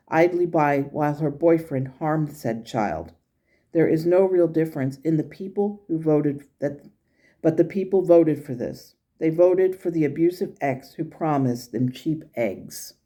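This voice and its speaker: A woman's voice: deep voice, warm tone. A woman quoting the spirit of her late grandmother, who speaks frankly and lovingly, close to her own voice. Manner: frank and blunt, with affectionate asides.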